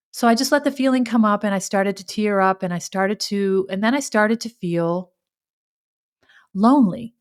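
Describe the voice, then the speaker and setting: A woman talks through her own experience on her podcast in a candid, reflective monologue. She thinks aloud, restarting phrases and sometimes speaking to herself in the second person, at an average pitch for a woman. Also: moderate pace. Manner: candid, searching, with frequent restarts and self-talk. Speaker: podcast host.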